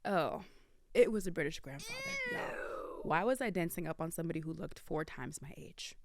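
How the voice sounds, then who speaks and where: A woman in her early twenties, hosting a podcast and telling a casual story to her listeners. She talks in a chatty way, addresses them as y'all, and swings her pitch and volume for drama. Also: sing-song, a little fast, gravelly, noisy background. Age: early 20s. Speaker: podcast host.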